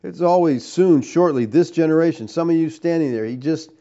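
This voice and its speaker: A man's voice: on the high side, fairly quick, mellow, highs cut off. A man preaching a teaching sermon, emphatic, firing rhetorical questions and tagging points with "all right?".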